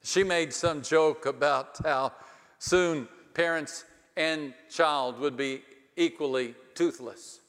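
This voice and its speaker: A male pastor preaching a storytelling sermon with dry humor, dramatic pauses and swings from hushed to loud. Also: fairly high pitch. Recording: long hall reverb.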